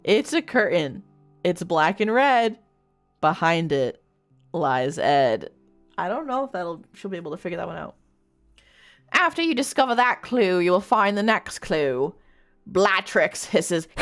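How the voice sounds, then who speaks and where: A young woman streamer reading bad fanfiction aloud in a casual, mocking way, laughing often and swearing freely. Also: mid-range voice.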